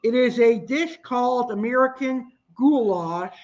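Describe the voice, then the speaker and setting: A man's voice: extremely high pitch, measured pace. A young man teaching a cooking class, talking through recipe steps plainly with some restarts. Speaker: cooking instructor. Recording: dull lo-fi sound.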